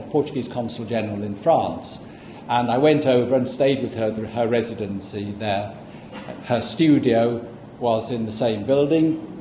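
A man giving a public lecture, explaining at a measured pace with asides to the audience. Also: mid-range voice, dark tone, a little hiss or hum. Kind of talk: public lecture with audio playback. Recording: echoey room, faint ambience.

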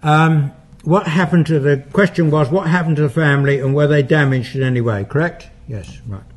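An older man, a paranormal investigator, gives a lecture and takes audience questions, his voice on the high side. He is an unhurried, anecdotal storyteller who acts out quoted dialogue.

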